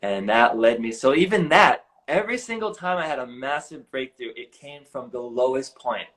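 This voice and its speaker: A man in his forties telling a personal story in an earnest, animated way, often saying "like", recorded over a live video stream. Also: mid-range voice, moderate pace, rough recording. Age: 40s. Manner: earnest, animated, heavy use of "like". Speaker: guest. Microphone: live video stream on a phone or computer.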